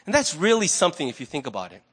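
A man with a high voice preaches a sermon. He keeps it conversational and animated, as if telling a story to friends, and the pitch rises and falls as he talks. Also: racing, breathy edge. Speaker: pastor.

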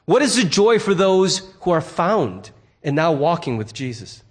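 A man's voice: on the high side, big pitch swings, measured pace. Earnest, emphatic male pastor preaching. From United States. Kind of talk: sermon.

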